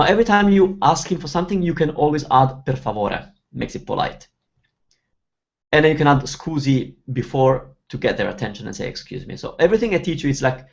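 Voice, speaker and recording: A man's voice: mid-range voice, creaky, lo-fi sound. A man from Italy, hosting a live online Q&A lesson and chatting as he explains phrases one by one. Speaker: Italian teacher hosting a webinar.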